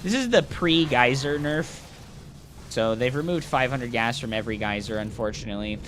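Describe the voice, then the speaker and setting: A man streaming live, casting a strategy game and chatting with viewers in an excitable, jokey way. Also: medium pitch, moderate pace, a little hiss or hum. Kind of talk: live game commentary and chat.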